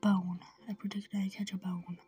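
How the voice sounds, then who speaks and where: A woman giving whispered gameplay commentary, rambling softly to herself as she plays. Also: medium pitch, level tone, moderate pace, soft background music. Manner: soft, half-whispered, rambling self-talk.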